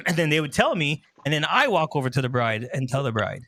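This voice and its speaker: Hoarse, animated wedding MC man. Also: on the high side, fast. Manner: animated storyteller, acts out his own dialogue, laughs often. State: hoarse from yelling earlier, clearing throat. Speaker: wedding MC and DJ guest. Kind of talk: enthusiastic interview chat.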